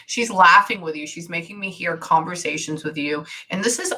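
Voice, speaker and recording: A woman's voice: on the low side, normal speed, poor audio. A woman giving a psychic reading, talking in a rambling, casual way with lots of "like" fillers. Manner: rambling, full of "like" fillers, animated. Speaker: psychic medium.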